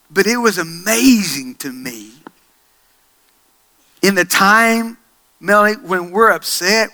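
High-voiced bright preacher man. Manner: dynamic preaching, swinging from hushed to loud and excited. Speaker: pastor. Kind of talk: sermon.

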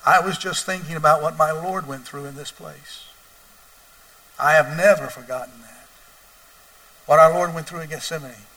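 Gentle devout old woman, quoted by a male pastor, hushed, bright tone. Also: a little high, fairly even intonation, moderate pace, long pauses, far from the mic, poor audio. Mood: hushed, reverent. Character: elderly woman tour guest, gentle and devout.

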